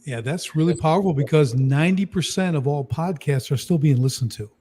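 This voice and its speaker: A man's voice: on the high side, a little fast, mellow, slightly rough. Emphatic man on a talk panel. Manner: emphatic, persuasive, peppered with "right?". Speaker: co-host of a communication talk show. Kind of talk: panel discussion.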